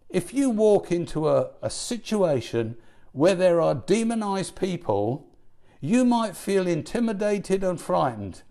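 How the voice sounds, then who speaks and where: Animated male preacher, lively rising voice. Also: high-pitched. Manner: animated, rhetorical questions, rising to emphatic peaks. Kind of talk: sermon.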